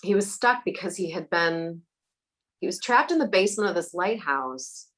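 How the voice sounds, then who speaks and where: A woman guest, a psychic medium, telling stories in a casual interview, animated and laughing often, acting out the voices of the people in her tales. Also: on the low side, normal speed, poor audio.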